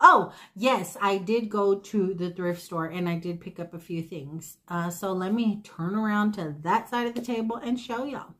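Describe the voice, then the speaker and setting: A woman's voice: medium pitch, moderate pace, hardly any pauses, a bit bright. Chatty woman telling thrift stories. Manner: rambling, tangent-prone, effusive storytelling to viewers. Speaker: thrift haul vlogger. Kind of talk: casual chatty haul vlog.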